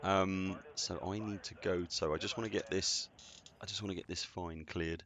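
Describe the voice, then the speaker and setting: A man's voice: sits low, fairly even intonation, normal speed, hardly any pauses, a bit bright. A man, streaming a game and chatting casually with viewers, rambling and greeting people by name. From United Kingdom. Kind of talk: casual live-stream chatter while gaming. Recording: dull, dry lo-fi sound.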